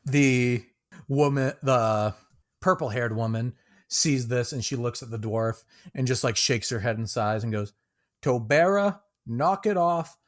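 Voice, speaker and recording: A man's voice: mid-range voice, steady tone, measured pace. A man narrating a tabletop game as game master, casual and loose, with many fillers and small laughs.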